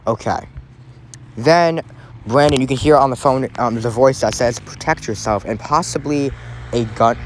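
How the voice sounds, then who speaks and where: A man's voice: medium pitch, moderate pace, slight background noise. A man hosting a casual true crime podcast, talking in a rambling way with lots of fillers and restarts.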